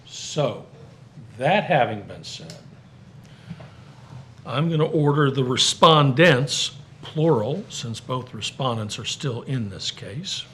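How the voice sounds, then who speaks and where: Measured man handing down a ruling. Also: medium pitch, lively intonation, fairly bright tone, slight background noise. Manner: measured, formal, matter-of-fact. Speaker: special magistrate. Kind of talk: issuing a ruling at a hearing. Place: hearing room.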